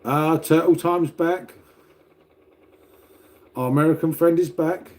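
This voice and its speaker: Rambling older English man, mellow voice. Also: a little high, slow pace. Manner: rambling and swears freely, calls everyone mate. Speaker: livestreamer. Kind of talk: casual livestream chat with viewers. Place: at home, making coffee.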